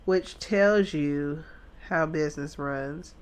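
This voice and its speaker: A woman's voice: low voice, takes it slowly. A woman hosting a reaction video, giving casual, blunt and emphatic commentary on a reality show while talking back to the screen. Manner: blunt, uses swear words.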